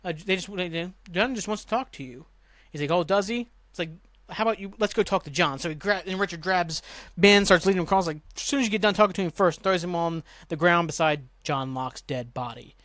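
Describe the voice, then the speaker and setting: A man hosting a podcast, casually recapping a TV episode in a rambling way, swearing and jumping into quick voices for the characters. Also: sits high, a bit bright, no room sound, studio quality. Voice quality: rambling, swears, acts out lines with quick voice jumps. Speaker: podcast host.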